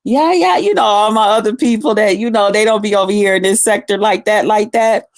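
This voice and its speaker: A woman livestreamer speaks a little fast in a mid-range voice, casually chatting with her audience. Her stories are rowdy and full of cursing, and she talks directly to viewers, welcoming them by name.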